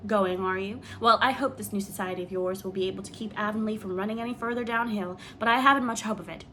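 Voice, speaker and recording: A woman's voice: mid-range voice, steady tone, fast talker, pushed and bright, slight background noise, lightly acted. A woman reading an audiobook, voicing a grim, pessimistic woman of fifty-seven who talks with scorn. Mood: sour. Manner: scornful, grumbling.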